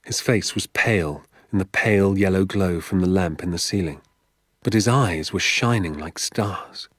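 A man reading a novel aloud in a measured, storytelling way. His voice sits low and has a husky edge. The recording is close and dry, with no room sound. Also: fairly bright tone, no room sound. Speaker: audiobook narrator. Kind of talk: scripted narration.

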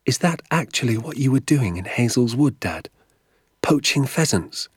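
A man's voice: on the high side, sing-song, measured pace, a little mellow, slightly rough, no room sound, studio quality, voice pushed up, full character voice. A man voicing an earnest, anxious young boy who asks eager questions in a storybook reading. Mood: anxious questioning.

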